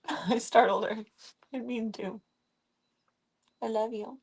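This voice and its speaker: A young woman streaming from home, chatting casually and baby-talking her cat, often dropping to a soft, hushed voice. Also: on the high side, fairly even intonation, unhurried, long pauses, slightly rough. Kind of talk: casual livestream chat.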